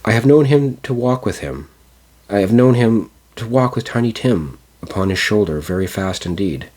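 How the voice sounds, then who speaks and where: A man voicing a grieving mother who speaks gently and steadily in an audiobook reading. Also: deep voice, sing-song, normal speed, breathy edge, pitched above the performer's own voice, heavily acted. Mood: tender, steady.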